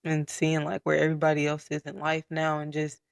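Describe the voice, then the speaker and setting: A young man telling his personal story in a casual podcast chat, candid and soft-spoken, with frequent fillers. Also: a little high, monotone, brisk, creaky, no echo, studio quality. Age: young adult. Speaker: podcast guest.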